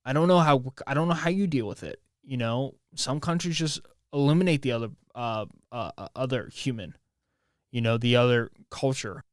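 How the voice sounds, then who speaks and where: A man from the United States hosting a solo podcast from home, talking in a halting, emotional way and swearing often, with many restarts. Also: mid-range voice, no echo, studio quality. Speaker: podcast host. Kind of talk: casual solo podcast monologue. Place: at home, near his bed.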